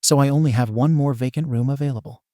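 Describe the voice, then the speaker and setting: A sly, scheming shopkeeper who talks in a smooth, polite way, read by a man. The tone is warm and mellow, and the recording is dry and close. It sounds like a storybook reading. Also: mid-range voice, fast talker, dry recording, close to an everyday voice.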